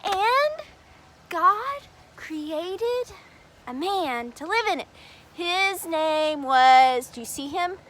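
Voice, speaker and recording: A woman telling a Bible story to children at chapel in an animated, sing-song, exaggerated way. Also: very high-pitched, extremely slow, slight background noise.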